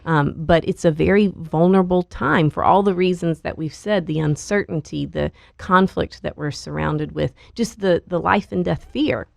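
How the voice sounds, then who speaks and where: A woman who is a licensed counselor, calmly explaining coping skills as a podcast guest. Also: fairly low pitch, creaky, no room sound. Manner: calm, measured explaining. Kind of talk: podcast interview.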